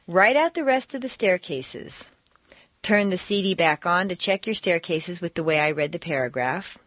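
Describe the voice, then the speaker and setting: A woman reading scripted audio lesson instructions as an accent training instructor, speaking clearly and deliberately with exaggerated intonation. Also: fairly low pitch, lively intonation, fairly bright tone, dry recording.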